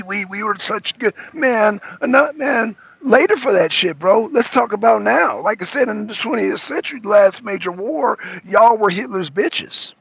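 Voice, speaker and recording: A man's voice: high-pitched, gravelly, a bit bright, breathy edge, no room sound, muffled recording. An American man, a talk show host, ranting profanely in a heated political monologue, raising his voice and repeating himself. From United States. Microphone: streaming microphone.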